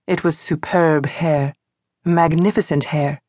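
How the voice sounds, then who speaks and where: Low-voiced woman reading a mystery novel. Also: steady tone, slow, a little mellow, dry recording, studio quality. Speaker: audiobook narrator. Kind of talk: scripted narration.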